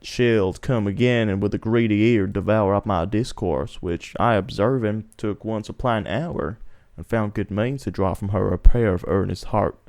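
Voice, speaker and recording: A man's voice: lowish voice, normal speed, few pauses, a little mellow, no echo, clean studio sound. A man voicing a grave noble soldier telling his story in a comic script reading, stumbling over some words. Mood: measured.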